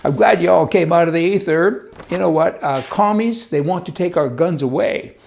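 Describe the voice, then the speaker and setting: A man with a gravelly, slightly high voice hosts his own show of political commentary. He talks in a folksy, sarcastic way, tossing out wisecracks and rhetorical questions to his listeners. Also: moderate pace, darkish tone. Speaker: host.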